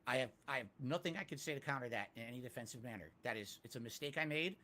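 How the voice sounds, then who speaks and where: A man answering interview questions candidly, self-critical and emphatic, rising to loud peaks. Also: medium pitch, fast. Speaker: interviewee, YouTuber.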